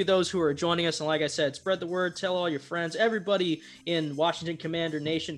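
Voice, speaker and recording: Casting: fairly high-voiced man, upbeat podcast co-host, sign-off energy. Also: steady tone, fast, few pauses, soft background music. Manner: upbeat, promo-style sign-offs. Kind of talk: casual sports podcast chat.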